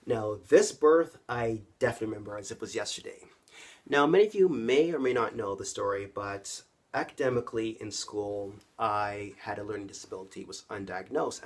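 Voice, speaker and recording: A roughly fifty-year-old Canadian vlogger chats conversationally to camera, telling a personal story and speaking directly to his audience. His voice is husky and fairly low.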